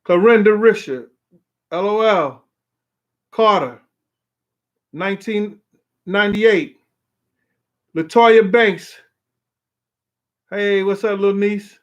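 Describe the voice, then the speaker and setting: Hosting a casual live-stream, a man with a high voice takes it slowly, leaving long pauses as he greets viewers by name in street slang. He is emphatic and repeats himself, and the sound is lo-fi.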